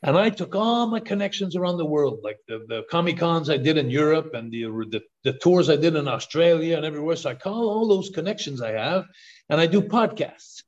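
Older man, excitable story-teller, lo-fi. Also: fairly high pitch, brisk. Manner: excited storyteller, repeats words on restarts. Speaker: podcast guest. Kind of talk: storytelling interview talk. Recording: dull lo-fi call audio.

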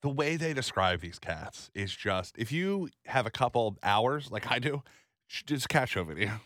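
A man's voice: medium pitch, normal speed, no room sound, clean studio sound. A young man co-hosting a podcast in casual chat, rambling and joking as he tells stories. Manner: animated, rambling, joking storyteller. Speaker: podcast co-host.

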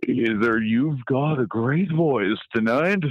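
A man's voice: mid-range voice, slow, no room sound. A man who works in radio calling in to chat on a podcast, easygoing and mimicking voices as he tells stories. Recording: dry, dull call-in audio.

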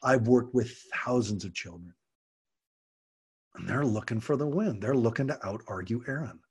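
Man, middle-aged, husky, podcast host, earnest coaching tone, acts out quotes. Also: medium pitch, normal speed, darkish tone. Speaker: podcast host, parenting coach and martial arts teacher. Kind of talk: podcast monologue.

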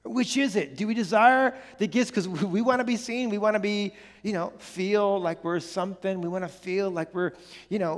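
A male pastor with a notably high voice delivers an earnest sermon, hammering his points by repeating them. His words trail off into a long, ringing reverb from a large hall. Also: animated, moderate pace. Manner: earnest, repetitive emphasis with many restarts.

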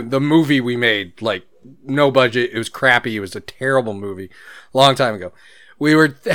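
A man's voice: mid-range voice, fairly bright tone, no echo, studio quality. A man co-hosting a casual podcast, telling rambling stories and laughing often. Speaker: podcast co-host.

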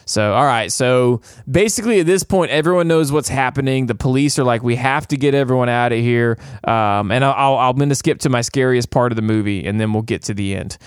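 A man co-hosting a podcast, recapping a movie in a rambling, animated way and acting out characters' lines. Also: medium pitch, dry recording, studio quality. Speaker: podcast co-host. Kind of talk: casual chat recapping a movie.

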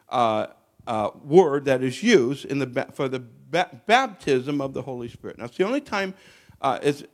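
A man preaching a sermon in a halting way, often restarting words and lifting his voice when he quotes scripture. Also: fairly high pitch.

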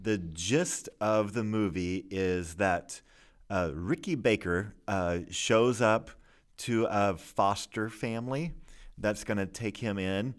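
Easygoing man with a low voice. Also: takes it slowly. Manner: easygoing, laughs along, explains plot. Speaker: podcast co-host. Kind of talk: casual movie chat.

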